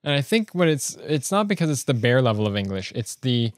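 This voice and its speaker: A man's voice: mid-range voice, very animated, a little fast, dry recording, clean studio sound. A man hosting a solo stream-of-consciousness podcast, rambling along with many fillers and restarts. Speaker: podcast host.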